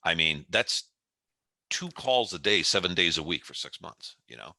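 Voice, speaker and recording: A man in his fifties tells a story as a guest on an interview podcast, acting out each step. His low voice is forceful and swings widely in pitch. The recording is close and dry. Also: normal speed, vocal fry, no room sound. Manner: animated storyteller who acts out the scene. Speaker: guest CEO.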